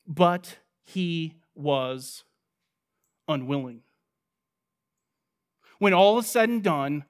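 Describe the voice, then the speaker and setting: Delivering an expository sermon, this preacher raises rhetorical questions and supplies the answers, alternating forceful stress with soft, low-voiced asides.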